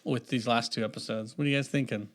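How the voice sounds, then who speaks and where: A man's voice: medium pitch, steady tone, fast. A man co-hosting a casual podcast, talking in a laid-back, rambling way. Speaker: podcast co-host. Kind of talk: casual chat.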